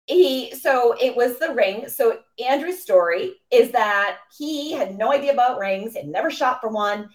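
A woman in her forties from the Boston area, a coach telling stories as a podcast guest in a gushing, excitable way with lots of fillers. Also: fairly high pitch. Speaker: interview guest, women's coach. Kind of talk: animated storytelling in a podcast interview.

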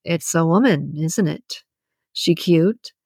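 A woman's voice: deep voice, slow, darkish tone, slightly rough, no room sound, clean studio sound, full character voice. A woman voicing a cocky, nosy male coworker who wisecracks and teases in an audiobook. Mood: teasing. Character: cocky, teasing male employee. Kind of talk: audiobook character reading.

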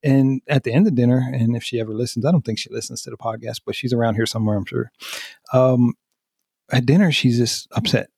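A husky man in his fifties speaking close and dry, with no room around him. He tells stories about his own life candidly, pokes fun at himself and laughs along the way. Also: medium pitch, steady tone, fairly quick, a little mellow, no room sound. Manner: earnest, self-deprecating, laughs through stories. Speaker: podcast co-host. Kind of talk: candid personal storytelling.

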